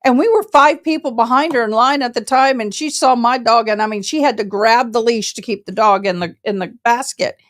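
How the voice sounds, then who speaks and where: Brief: woman, slightly high voice, animated casual storyteller with a colloquial delivery who mimics others. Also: fairly quick, few pauses. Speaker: service dog handler.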